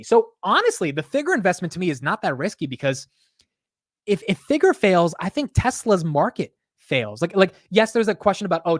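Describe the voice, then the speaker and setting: Dude hosting a live stocks stream, kinda high voice, super hyped, swears a lot, dry close sound. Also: male voice, no room sound. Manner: excitable, profane, talks straight to chat. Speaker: stock market livestream host. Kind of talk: casual live market commentary.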